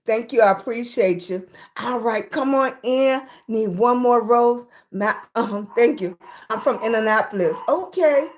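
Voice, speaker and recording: A middle-aged woman runs a relaxed livestream from her room, her voice pitched on the high side and unhurried. She chats along, greets viewers by name, and often calls them baby.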